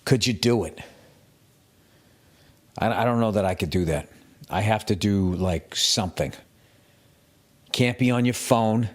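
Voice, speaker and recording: Profane ranting man, low voice. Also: unhurried, long pauses. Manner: profane, ranting, self-mocking. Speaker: podcast host. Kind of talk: solo comedic podcast rant.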